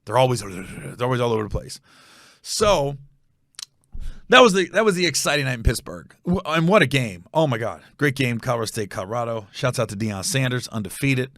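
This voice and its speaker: A man in the middle of his voice range tells a story in a loose, animated way. He rambles, restarts and acts out bits as he goes. The sound is dry and close, with no room around it. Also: medium pitch, a little fast, no echo. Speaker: comedian podcast host. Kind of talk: casual storytelling monologue.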